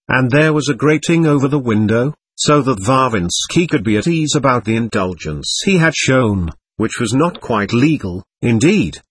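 A man narrating a classic novel as an audiobook, with measured, expressive reading. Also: mid-range voice, breathy edge.

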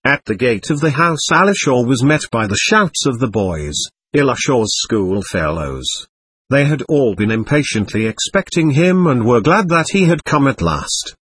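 A man narrating a novel as an audiobook, with a measured, expressive reading. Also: mid-range voice, slightly rough, no echo.

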